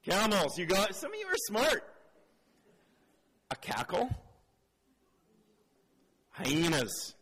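A man with a somewhat high voice delivers a sermon. He shifts from playful banter with his listeners to earnest reflection. His voice rings out with a long reverb in a church hall. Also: huge pitch swings, takes it slowly, long pauses, fairly bright tone. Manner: playful, quizzing the audience, then earnest and reflective. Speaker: preacher.

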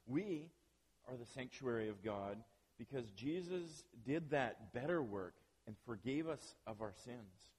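A man's voice: medium pitch, animated, a little slow, a little mellow, husky. A man preaching a sermon as pastor, talking conversationally with self-deprecating asides to the congregation. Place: church building. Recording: long reverb of a church hall.

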